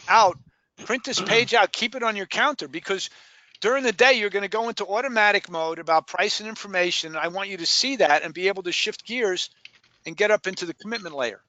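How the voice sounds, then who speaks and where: A man with a high, bright voice coaching a group of new sales hires. He talks emphatically and repeats his key points for weight, stopping often to ask questions. The sound is dry and close, with little room. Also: dry recording. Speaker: sales trainer. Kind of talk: live sales training session.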